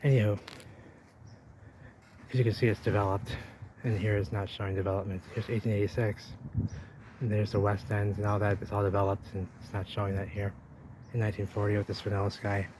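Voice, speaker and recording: A man's voice: fairly low pitch, flat delivery, fairly quick, pauses often, noisy background. A man narrating an exploring vlog outdoors, rambling to viewers while he walks and points things out. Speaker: vlogger. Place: outdoors by a river wall.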